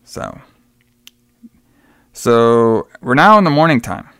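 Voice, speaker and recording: A man's voice: mid-range voice, very animated, takes it slowly, sharp tone, smooth, no echo, clean studio sound. A man casually recapping a movie on a podcast, rambling, swearing often, laughing and acting out the characters. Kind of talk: casual profane chat.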